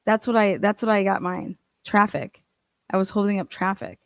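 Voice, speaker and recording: A woman from Ohio delivers a fast, profane commentary rant and slips into mocking voices for other people. Her pitch sits in an ordinary middle range. The sound is dry and close, with no room around it. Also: expressive, dry recording. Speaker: commentary channel host.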